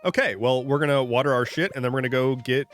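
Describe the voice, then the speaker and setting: A man chatting loosely to his stream audience while he plays, rambling from one tangent to the next in a joking, offhand way. He restarts his sentences often and drops casual swears. Faint game music plays softly underneath. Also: medium pitch, quick pace. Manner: rambling, jokey, talks to chat. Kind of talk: casual live-stream chat while gaming.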